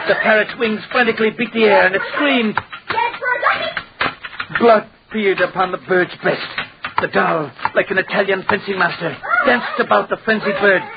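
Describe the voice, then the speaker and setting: An actor playing a scheming dollmaker who recounts events to a judge with dramatic storytelling in an old-time radio drama. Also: male voice, high-pitched. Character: scheming male dollmaker testifying in court. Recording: hissy lo-fi old radio recording.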